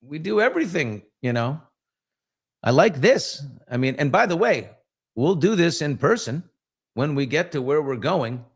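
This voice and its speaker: A man's voice: a little high, lively intonation, normal speed, slightly rough. A man hosting a casual live morning chat, reading out viewer comments and rambling through stories with many fillers and restarts. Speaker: talk show host.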